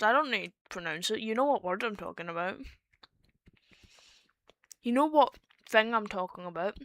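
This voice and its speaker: A woman's voice: mid-range voice, expressive, moderate pace, long pauses, fairly bright tone, dry recording. A woman with a Scottish accent chatting casually on a voice call, explaining her points with fillers and restarts. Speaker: streamer.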